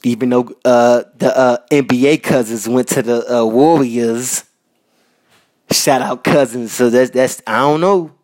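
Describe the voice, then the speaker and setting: A man from Minnesota hosting a podcast, talking casually and giving loud, repetitive shout-outs full of slang. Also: mid-range voice, steady tone, measured pace. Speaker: podcast host. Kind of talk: casual solo podcast monologue. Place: North Minneapolis.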